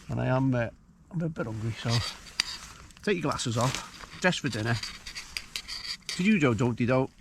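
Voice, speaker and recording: A man's voice: medium pitch, noisy background. A man chatting and musing aloud while he cooks and camps alone on a hilltop. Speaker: outdoor vlogger. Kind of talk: casual solo camping vlog. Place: hilltop wild camp outdoors.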